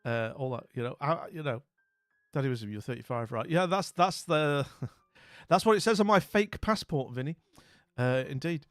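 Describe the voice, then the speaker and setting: A man's voice: medium pitch, lively intonation, normal speed, dry recording, studio quality, soft background music. A man hosting a live stream in casual chat, jovial and rambling, greeting viewers with theatrical exclamations.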